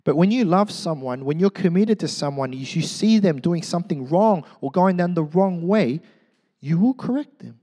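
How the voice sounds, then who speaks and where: A middle-aged man preaching a sermon in church, animated and joking, swinging from loud to hushed. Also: fairly high pitch, normal speed, few pauses, in a large hall. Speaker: pastor.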